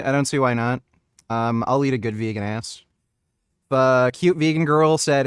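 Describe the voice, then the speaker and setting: A male livestreamer gives casual, blunt commentary on a debate. His voice is smooth and clean, recorded dry and close. He is crude and dismissive in a plain, offhand way. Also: mid-range voice, fairly even intonation, moderate pace, dry recording. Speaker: livestream host reacting to a debate.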